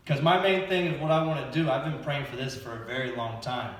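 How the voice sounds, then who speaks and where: A man's voice: mid-range voice, a little fast. A male stand-up comic rambles through a self-deprecating set at a church open mic night. His voice sits in a plain middle range and is picked up from a distance. The hall around him rings with heavy echo under a faint hiss. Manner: nervous, self-deprecating, rambling with fillers and laughs. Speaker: stand-up comedian. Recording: echoey hall recorded from far off.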